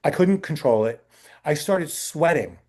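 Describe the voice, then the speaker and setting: A man who works as a talent agent, telling animated anecdotes as the guest in a casual interview. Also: fairly high pitch, unhurried.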